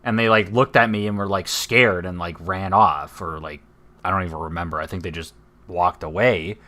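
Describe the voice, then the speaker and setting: A man's voice: low voice, steady tone, moderate pace, pushed and bright. A man, co-hosting a podcast in casual, rambling, profane chat that often trails off into mumbles. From Canada. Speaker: podcast co-host.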